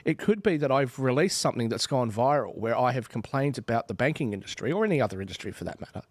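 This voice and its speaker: Fast-talking Australian man in his forties. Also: mid-range voice, no room sound. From Western Australia. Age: 40s. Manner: animated, argumentative, acts out imagined exchanges. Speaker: panel guest, finance trader. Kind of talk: panel discussion.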